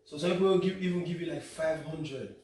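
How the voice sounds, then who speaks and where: A man's voice: on the high side, brisk, background noise. A man from Nigeria, telling a childhood story in a joking way, acting out quotes. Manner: joking, quoting himself. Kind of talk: casual storytelling. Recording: echoey room, mic at a distance.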